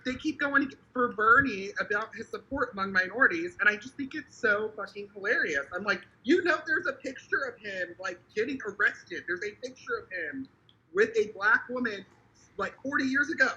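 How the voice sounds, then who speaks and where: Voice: medium pitch, lively intonation, moderate pace, sharp tone, muffled recording. A speaker in a casual political chat, blunt, sarcastic and swearing freely. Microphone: video call.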